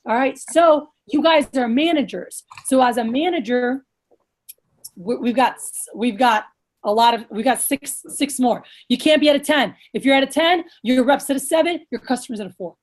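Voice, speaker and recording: A woman with a slightly high voice leads a casual coaching session for sales managers over a video call. She talks bluntly and with plenty of energy, drops the odd swear word, and acts out lively sales pitches. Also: moderate pace.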